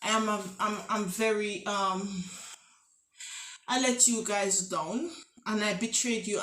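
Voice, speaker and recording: A woman's voice: medium pitch, steady tone, takes it slowly, fairly bright tone. A woman, a mother and family vlogger, playing a prank on her kids for the camera with theatrical, mock-desperate pleading. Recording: echoey room.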